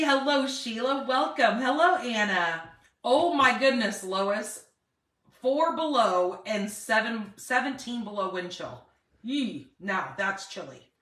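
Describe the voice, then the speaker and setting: A woman's voice: fairly low pitch, bright, forceful tone, echoey room, recorded from a distance, poor audio. A middle-aged woman chatting casually on a live stream, greeting viewers by name, with a dry cough and a cough drop in her mouth. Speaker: paper crafting host.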